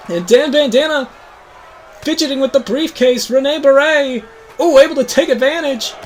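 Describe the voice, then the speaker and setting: High-voiced man calling wrestling play-by-play. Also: measured pace, long pauses, a little hiss or hum. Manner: hyped announcer voice, rising to shouts on big moves. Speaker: host. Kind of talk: mock wrestling play-by-play commentary.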